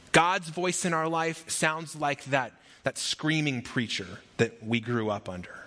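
A man preaching a sermon as pastor, energetic and emphatic, with rhythmic lists and acted asides. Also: high voice.

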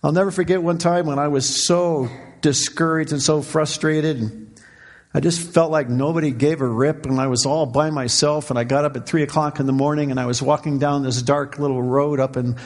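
Middle-aged guy preaching, voice a bit on the high side, goes quiet then gets all fervent. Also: fairly even intonation, moderate pace. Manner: preaching with emotional swings, rising to fervent cries. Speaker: pastor. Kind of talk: sermon.

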